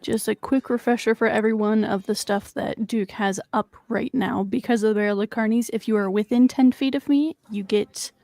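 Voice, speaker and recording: A woman playing in a tabletop game, briskly explaining rules in casual chat. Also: on the high side, fairly even intonation, creaky, warm tone, dry recording. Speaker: player.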